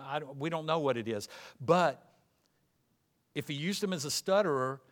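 A man preaching a sermon, emphatic and repetitive, acting out the voices he quotes. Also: on the high side. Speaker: pastor.

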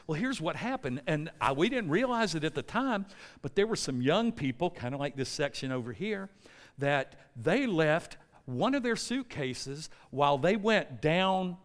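An American preacher delivering a lively sermon in a church, telling a story with energy and pulling the congregation in. His speaking voice sits on the higher side for a man. A long hall reverb hangs after his words. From United States. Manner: animated storyteller, often checks in with the congregation.

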